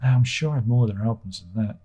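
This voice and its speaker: A man's voice: mid-range voice, racing, dark tone, husky, dull audio. A man hosting a livestream, reading out viewer comments in a rambling, self-deprecating way and swearing casually. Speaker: livestream host.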